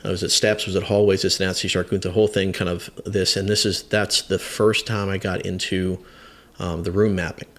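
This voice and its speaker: A man in his fifties, a firefighter guest, telling a story in a casual interview, halting with many fillers and restarts, candid and self-deprecating. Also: low-pitched, little pitch movement, fairly bright tone.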